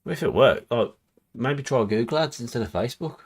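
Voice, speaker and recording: A man's voice: mid-range voice, expressive, fairly quick, breathy edge. A man co-hosting a livestream, bantering and reading viewer comments aloud in a chatty way. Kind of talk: casual chat on a livestream.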